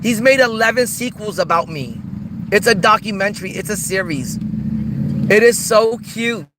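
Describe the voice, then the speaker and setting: A man's voice: high-pitched, moderate pace, background noise. A man hosting a livestream, ranting in a taunting, mocking, repetitive way. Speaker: streamer host. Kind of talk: livestream rant.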